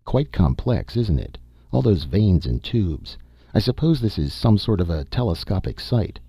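A man's voice: low-pitched, normal speed, gravelly, breathy edge, dry recording, exaggerated voice. A man voicing an eager, curious male archaeologist in an audiobook. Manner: eager, excited.

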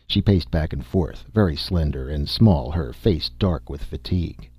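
A man narrating a science fiction story in a steady, measured reading voice, with a husky tone. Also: extremely low pitch, no room sound. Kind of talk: audiobook narration.

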